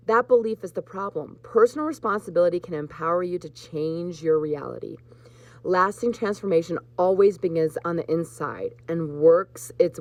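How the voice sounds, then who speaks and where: Brief: woman host, low voice, soft spiritual card reading, heartfelt. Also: no echo. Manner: warm, emotional, choked up with laughter at times. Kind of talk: live card reading for viewers.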